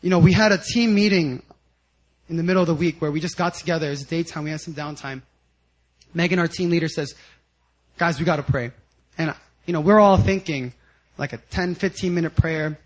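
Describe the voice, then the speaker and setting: High-voiced man preaching with stories. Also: brisk, long pauses, rough recording. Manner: animated storytelling, acts out quotes loudly and laughs. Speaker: guest speaker at a church service. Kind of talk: sermon with personal stories.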